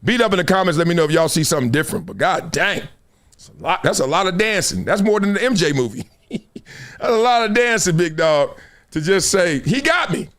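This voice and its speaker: A man's voice: sits high, lively intonation, fairly quick, fairly bright tone. A man hosting a sports talk show, telling stories with an emphatic, slangy delivery. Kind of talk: animated sports commentary chat.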